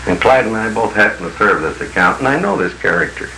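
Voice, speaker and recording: A man's voice: on the low side, expressive, quick pace, bright, forceful tone, reverberant, a little hiss or hum, low-quality recording. A man working as a business consultant tells blunt, folksy stories to a group in an archival 1950s recording. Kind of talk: anecdotal talk to a group.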